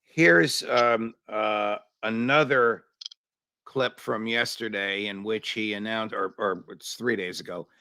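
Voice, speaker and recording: A male show host asking probing interview questions, pausing often with fillers and restarts. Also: on the low side, bright, forceful tone, dry recording.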